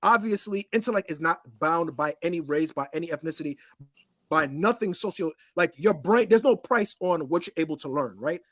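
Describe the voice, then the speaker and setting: High-voiced chatty man, dry sound. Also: animated, brisk, fairly bright tone, no echo. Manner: talkative, repeats "you get what I'm saying". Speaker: podcast co-host. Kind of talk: casual debate chat.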